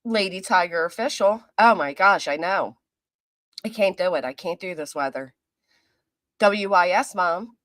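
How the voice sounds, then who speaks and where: A woman's voice: lowish voice, fairly bright tone, dry recording. Chatty woman host greeting viewers. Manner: chatty and friendly, reading out viewer names. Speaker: livestream host. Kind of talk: casual chat greeting live viewers. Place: apartment.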